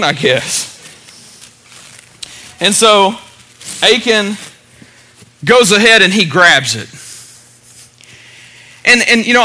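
A man's voice: high-pitched, sharp tone. A middle-aged male pastor preaching a casual sermon, chatty and full of "you know" fillers.

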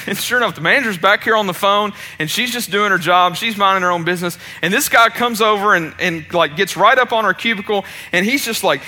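A male preacher tells his story from the pulpit in a loose, conversational way. His voice sits high and sounds piercingly bright, rising and falling freely as he stumbles, restarts, and pokes fun at himself. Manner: casual and chatty, with many restarts and self-deprecating asides. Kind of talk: storytelling sermon.

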